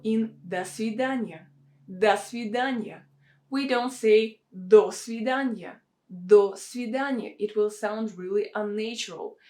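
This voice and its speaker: Russian-accented woman tutor, fairly high voice, slow, deliberate drilling delivery. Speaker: Russian language teacher. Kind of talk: pronunciation lesson.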